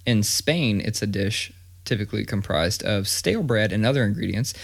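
A man's voice: lowish voice, moderate pace, gravelly. A man in his thirties telling a story in casual chat, swearing freely and acting out the quotes. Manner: profane, animated storytelling with acted-out quotes.

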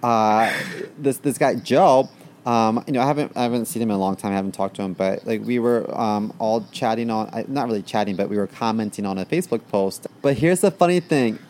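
A man's voice: fairly low pitch, brisk, a little mellow, a little hiss or hum. A young man co-hosting a comedy podcast, chatting casually with lots of ums and likes. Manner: chatty, filler-heavy, laughs while talking. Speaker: podcast co-host.

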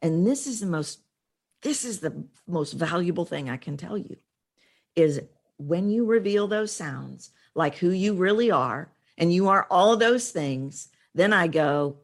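A woman's voice: lowish voice, expressive, a little slow. A woman voice coach speaking emphatically as a guest in an interview.

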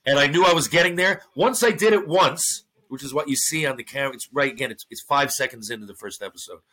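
A man's voice: medium pitch, fast talker, pushed and bright. A man, a former hockey player turned actor, telling stories in a casual podcast interview, acting out other people's lines and swearing freely.

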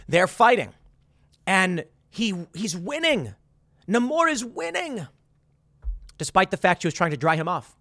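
Animated, sarcastic man with a high voice. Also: a little slow, vocal fry, pauses often, no echo. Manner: sarcastic, incredulous, animated, with restarts. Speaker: commentator. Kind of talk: opinionated movie commentary.

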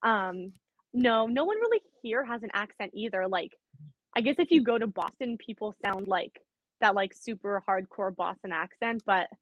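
A woman's voice: medium pitch, lively intonation, moderate pace, no echo, highs cut off. A young woman from Canada with a light Canadian accent, a guest in casual chat, saying "like" a lot. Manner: casual, heavy use of "like", quotes herself. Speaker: podcast guest, athlete.

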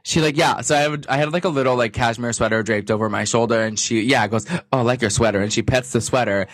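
A young man co-hosting a podcast, telling animated stories with quoted voices and casual swearing. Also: medium pitch, quick pace. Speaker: podcast co-host. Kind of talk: casual chat.

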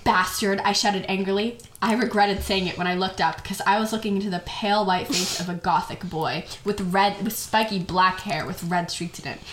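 A woman's voice: medium pitch, steady tone, a little fast, few pauses, a bit bright. A woman co-hosting a casual podcast, reading fan fiction aloud with giggles and retakes, sitting farther from the mic than her co-host. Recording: echoey room, off-mic, background noise.

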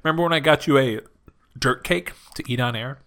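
Playful man on a podcast, bright tone. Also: medium pitch, fairly quick. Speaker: podcast co-host. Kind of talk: casual chat.

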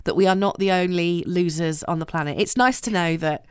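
A woman's voice: fairly low pitch, a little fast, clear, resonant tone, no room sound, studio quality. A woman co-hosting a podcast, introducing a segment in a wry, conversational way. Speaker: podcast co-host.

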